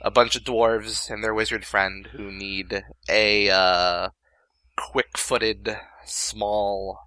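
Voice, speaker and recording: A young man talks through a film in casual commentary, his voice slightly low yet bright. The mic is close and dry with no room sound. He halts, stammers and restarts as he works out his thoughts. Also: level tone, no echo, low-quality recording. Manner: halting, stammers and restarts, laughs at himself. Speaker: commentary co-host. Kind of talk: casual movie commentary chat.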